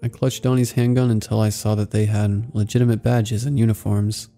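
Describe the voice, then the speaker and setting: In a measured, somber manner, a man narrates a horror story in a low, gravelly voice that is very dark and mellow yet level in tone. Soft music plays faintly in the background.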